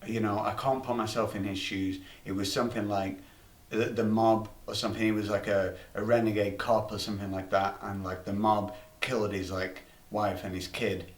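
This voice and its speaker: A man's voice: fairly low pitch, fairly even intonation, normal speed. A man rambling through a comic anecdote, swearing freely and restarting his sentences. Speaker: comedy storyteller. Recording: roomy room, distant mic.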